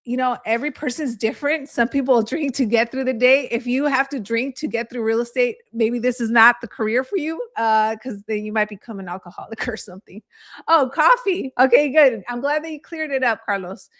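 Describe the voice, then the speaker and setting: A woman's voice: on the high side, fairly quick, a bit bright. A woman real estate agent giving a live training, telling candid stories in a chatty way and laughing easily.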